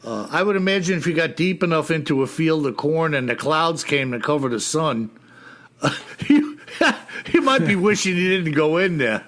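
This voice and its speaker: A man's voice: a little high, animated, moderate pace, fairly bright tone. Laid-back male podcast co-host. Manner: laid-back, says "man" and "you know" a lot. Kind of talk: casual chat.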